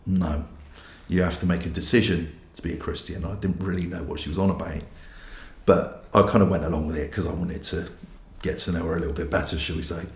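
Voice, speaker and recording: Low-voiced bloke, pastor, telling his own story frankly, bit of room echo. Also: steady tone, a little fast. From England. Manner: candid, self-mocking storytelling. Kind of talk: personal testimony.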